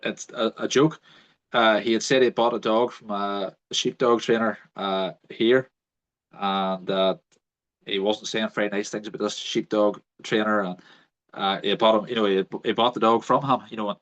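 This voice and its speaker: A podcast host with a fairly low voice tells a story at a moderate pace in casual chat. He's an animated storyteller who acts out the people he quotes, captured in dull lo-fi audio.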